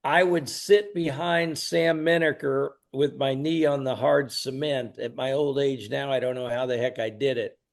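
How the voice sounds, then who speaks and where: A man in his sixties, a guest in an interview, telling anecdotes in an animated way with sudden bursts of emphasis. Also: medium pitch, normal speed, few pauses. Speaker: guest, wrestling announcer and promoter. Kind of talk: storytelling interview.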